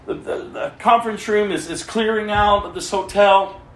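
A man preaching his testimony as a story, swinging between loud stretches and hushed ones. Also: sits high, steady tone, moderate pace. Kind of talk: sermon testimony. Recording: echoey room, mic far off, faint noise.

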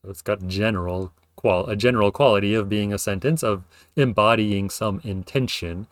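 Low-voiced man explaining ideas casually. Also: no echo, clean studio sound. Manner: thoughtful, lots of fillers and self-corrections; acts out example sentences with playful intonation. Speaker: podcast host explaining linguistics. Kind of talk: casual spoken lecture.

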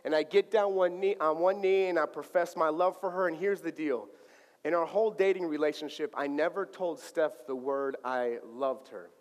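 A male pastor preaching a sermon, telling a personal story in a lively, playful way and acting out the dialogue. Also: fairly high pitch, normal speed. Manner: animated, acts out dialogue playfully. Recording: long hall reverb.

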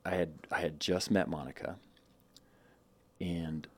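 A man's voice: low-pitched, fairly even intonation, a little slow. A man in his thirties telling a personal story in a casual interview, rambling with many restarts and quoted asides. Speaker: guest.

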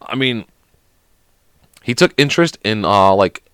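A man's voice: fairly low pitch, lively intonation, a little slow, a bit bright, smooth, no echo. Rambling, profane man hosting a podcast. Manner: profane, rambling, heavy on "like" fillers. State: sick. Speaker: podcast host. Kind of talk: casual solo podcast rant.

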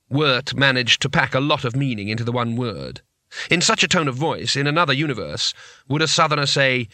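A man's voice: medium pitch, lively intonation, a little fast, bright, forceful tone, no room sound. A man narrating a comic fantasy audiobook in a wry, dry storytelling manner.

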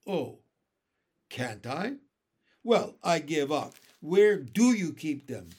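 An eager small boy, curious and quick to disbelieve, speaks up brightly and high, as a man reads him aloud. His voice jumps around with wonder. It is a storybook voice, slightly gravelly underneath. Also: animated. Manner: eager, incredulous.

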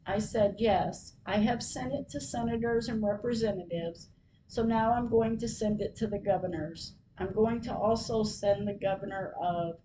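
A woman podcaster reading her diary entries aloud, retelling each call in a plain, measured way. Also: mid-range voice, warm tone, a little hiss or hum, poor audio.

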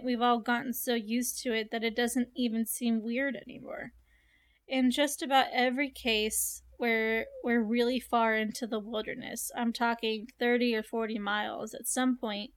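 A young woman hosting a casual chat, reading a story aloud and reacting with animated, curious asides. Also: a little high.

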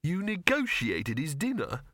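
A man's voice: fairly high pitch, wildly swooping pitch, a little slow, a bit bright, no echo, studio quality, pitched above the performer's own voice, heavily acted. A man voicing an earnest young male actor who is easily shocked. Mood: doubtful.

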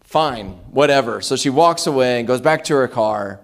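A man preaching a sermon as pastor, telling lively personal anecdotes and acting out the dialogue. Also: medium pitch, moderate pace. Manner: animated anecdotes with acted-out dialogue. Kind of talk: conversational sermon storytelling.

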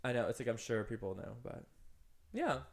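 A man's voice: mid-range voice, sing-song, moderate pace, creaky. A young man co-hosting a podcast, telling a rambling story in casual chat and filling it with "like". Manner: rambling storyteller, heavy use of "like". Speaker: podcast co-host.

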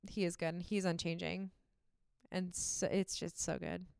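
Heartfelt young woman with a smooth voice. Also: fairly low pitch, flat delivery, normal speed, a little mellow, dry recording, studio quality. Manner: heartfelt, emotional, many fillers like "um" and "like". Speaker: podcast co-host. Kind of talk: faith podcast conversation.

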